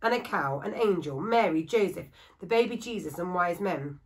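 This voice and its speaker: A woman's voice: lowish voice, lively intonation, moderate pace, close to an everyday voice. A woman voicing an earnest, polite young widowed mother.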